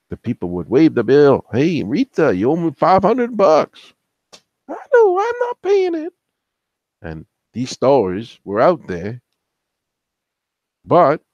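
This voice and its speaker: A man's voice: lowish voice, creaky, a little mellow, dry recording, dull audio. A man hosting a casual album countdown, talking in a rambling, opinionated way with gossipy asides. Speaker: music show host.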